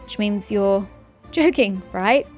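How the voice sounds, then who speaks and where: A woman's voice: mid-range voice, slow pace, faint music behind, close to an everyday voice. A woman voicing a jittery, overtaxed male merchant in a game, anxious and pleading, with rising questions. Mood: nervous.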